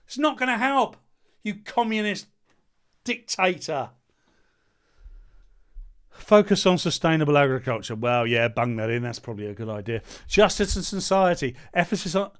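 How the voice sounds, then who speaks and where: A man delivers a heated commentary in a high voice. He reads a point aloud, then tears into it with sarcasm and blunt insults. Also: animated, a little fast, fairly bright tone. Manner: sarcastic, mocking, hurls insults. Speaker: political commentator. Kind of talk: ranting commentary.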